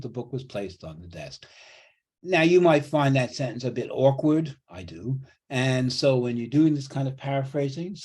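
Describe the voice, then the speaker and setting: A man's voice: medium pitch, mellow. A man teaching a college writing class over a video call, explaining grammar patiently and repeating key points. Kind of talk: online class lecture. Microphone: computer mic on a video call.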